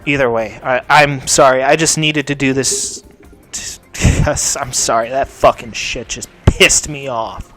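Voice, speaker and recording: Young man, ranting vent, heavy swearing, mutters then shouts, sore mouth, middle pitch, faint music behind. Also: steady tone, measured pace. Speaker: gaming channel host. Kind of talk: angry vent to camera.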